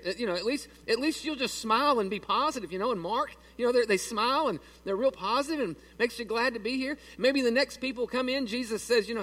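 A man's voice: very high-pitched, fast talker, few pauses, a bit bright, recorded from a distance. A man preaching a sermon in a church, folksy and joking with his congregation. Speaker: pastor. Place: church sanctuary.

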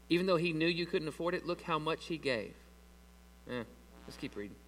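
A man preaching a sermon to his church, animated and asking the congregation questions as he reads through scripture. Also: a little high, normal speed. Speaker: pastor. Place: church sanctuary. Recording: long reverb of a large hall.

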